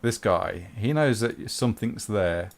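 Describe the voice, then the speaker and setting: A man running a tabletop role-playing game, calmly making rulings and correcting himself. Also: fairly low pitch, unhurried, gravelly. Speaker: game master.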